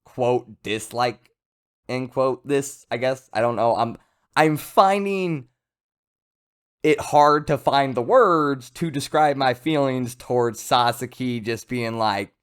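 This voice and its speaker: A man giving a casual, rambling video review of a comic chapter, chatty and lively. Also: mid-range voice, takes it slowly, smooth. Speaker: manga reviewer.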